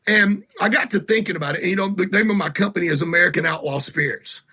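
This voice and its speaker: Southern man, high bright voice, rambling storyteller guest. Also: fast, slightly rough. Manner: rambling, salty anecdotes. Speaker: guest musician. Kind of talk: casual interview storytelling. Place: garage.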